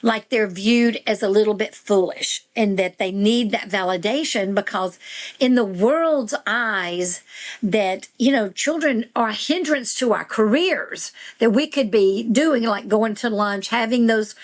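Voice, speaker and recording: A woman's voice: mid-range voice, unhurried. A woman who is a guest on a podcast, speaking in an earnest, encouraging way as a veteran homeschool mom. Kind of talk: podcast conversation.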